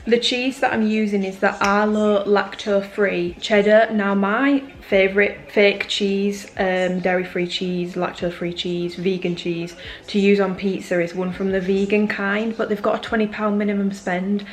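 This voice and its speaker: A woman's voice: medium pitch, level tone, a little slow. A young woman in her early twenties with an English accent, chatting casually and rambling in a home vlog, filling her talk with lots of "like". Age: early 20s. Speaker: fitness vlogger.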